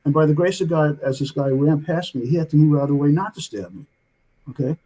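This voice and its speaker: An older man tells a story in a loose, rambling way and checks in with "okay?" after nearly every point. His voice is husky and mellow. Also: fairly high pitch, fast, low-quality recording. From United States. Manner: rambling, tags many sentences with "okay?". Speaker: author, interview guest. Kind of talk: casual storytelling in an interview.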